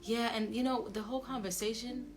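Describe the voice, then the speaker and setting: A young woman vlogging a personal story in a casual, animated and blunt way, with swearing. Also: fairly high pitch, brisk. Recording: music playing underneath.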